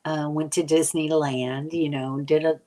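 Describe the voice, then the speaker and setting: Older woman, low-pitched, casual live-stream host; rambling, filler-heavy, a bit tired. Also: level tone, a little slow, mellow. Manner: rambling, chatty, many fillers. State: tired from lack of sleep. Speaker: vlogger answering live chat.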